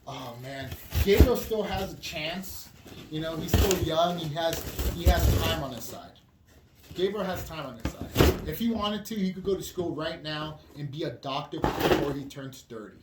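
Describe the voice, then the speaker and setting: With a slightly high voice at a moderate pace, this podcast guest talks candidly and casually, swearing, wandering off track and often restarting his sentences. The room is echoey and there's background noise.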